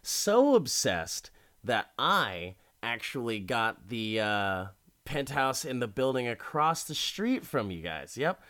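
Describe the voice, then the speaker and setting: A man's voice: mid-range voice, big pitch swings, takes it slowly, fairly bright tone. A man voicing a smug, obsessive rich man who boasts while he blackmails. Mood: gloating.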